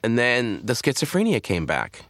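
Candid halting man, lively pitch. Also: dry recording. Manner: halting, frequent restarts and fillers. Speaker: interview guest, comedian. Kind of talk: candid conversational storytelling.

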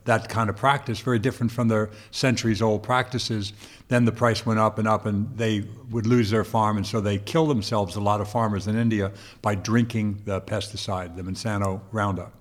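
A man's voice: lowish voice, steady tone, moderate pace. A man from Long Island co-hosting a casual chat, explaining things at length and often reaching for metaphors. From Long Island, New York. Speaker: co-host.

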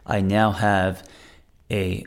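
A low, gravelly-voiced man speaks into a studio mic in his home podcast room. He hosts his own self-help show as a therapist and talks casually. He rambles in a candid, self-deprecating way. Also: level tone, extremely slow. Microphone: studio microphone with mixer.

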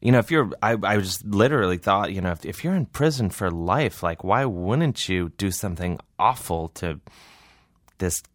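Low-voiced comedian guy rambling thru a story, laughing at himself, dry mic. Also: expressive, moderate pace, dry recording. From Cleveland. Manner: rambling, self-deprecating, acts out voices in quotes. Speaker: comedian guest. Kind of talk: casual storytelling interview.

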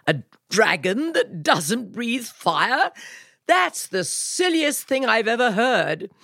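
A woman's voice: a little high, very animated, takes it slowly, gravelly, fairly bright tone, dry recording, studio quality, voice pushed up, full character voice. A woman voicing a scoffing father who calls a dragon silly, in a read-aloud storybook. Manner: scoffing, dismissive. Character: gruff scoffing father of a knight.

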